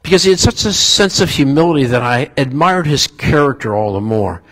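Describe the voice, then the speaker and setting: A pastor giving a sermon, telling stories in a relaxed, conversational way with asides. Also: male voice, on the high side, fairly quick, rough recording. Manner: storytelling, conversational with asides and chuckles.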